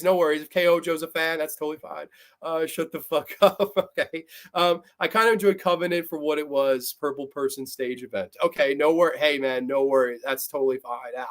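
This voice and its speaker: Blunt, profane man reviewing films. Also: fairly high pitch. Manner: blunt, profane, animated, laughs often, mocks characters in put-on voices. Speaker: host. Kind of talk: livestream film review, reading chat comments.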